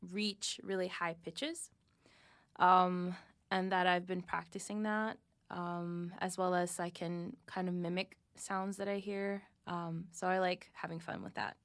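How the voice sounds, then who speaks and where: A woman's voice: fairly low pitch, flat delivery, measured pace, fairly bright tone, no echo. A woman who sings, talking in an upbeat casual way. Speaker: singer. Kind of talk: casual chat.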